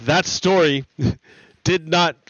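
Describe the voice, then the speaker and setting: A man with a slightly high voice who streams and retells stories slowly, with many restarts and casual swearing. His delivery is rambling. The recording is dry and a little dull. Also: a bit bright, no echo. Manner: rambling, profane, self-correcting.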